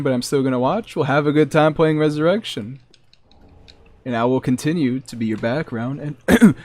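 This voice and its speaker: A man's voice: a little high, a little mellow. A man streaming a game live, chatting in a joking, rambling, self-mocking way at a desk microphone. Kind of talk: casual live gameplay commentary.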